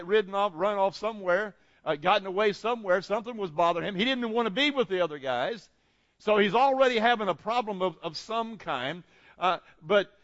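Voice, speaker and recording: A male pastor preaching a sermon, emphatic and repetitive, often restarting his sentences and swinging between loud and soft. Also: sits high, dry recording, dull audio.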